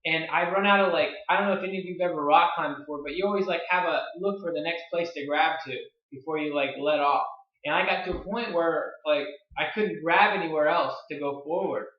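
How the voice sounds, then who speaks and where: A young man in his twenties rambles through a story with breathless excitement, peppering every phrase with "like". His voice sits a little high for a man. The recording is roomy and dull, like a lo-fi room mic. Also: a little fast. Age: 20s. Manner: excitable, filler-heavy, lots of "like". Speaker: online marketing vlogger. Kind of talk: casual storytelling to camera.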